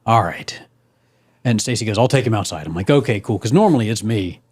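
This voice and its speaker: A man's voice: on the low side, lively intonation, fast talker, a little mellow, breathy edge. A man hosting a casual podcast, telling a funny story with lots of laughter and animation. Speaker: podcast host.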